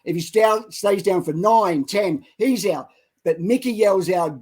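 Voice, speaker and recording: Man, middle-aged, Christian show co-host, fervent storyteller, building exhortation, higher voice. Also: animated, a little slow, breathy edge, poor audio. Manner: dramatic retelling that builds to loud exhortation. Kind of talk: impassioned preaching and storytelling.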